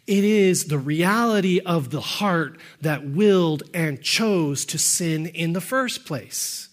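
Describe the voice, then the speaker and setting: Pastor guy with a high voice preaching, gets loud and emphatic on the big points then goes quick and low telling a story. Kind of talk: sermon.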